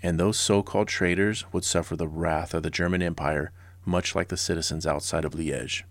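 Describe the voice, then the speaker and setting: Brief: a low-voiced man in his forties, a history podcast host, blunt and sarcastic, in a dry, close recording. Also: no room sound. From Southern California. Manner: sarcastic and blunt, with casual personal asides.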